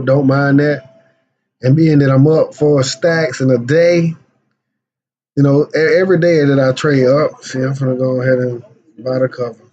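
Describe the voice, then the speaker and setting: Man, casual trading talk, slangy, stumbling restarts, mid pitch, dull lo-fi sound. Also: a little mellow. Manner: slangy, repeats and restarts words. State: losing his voice. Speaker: day trader and channel host. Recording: dull lo-fi recording.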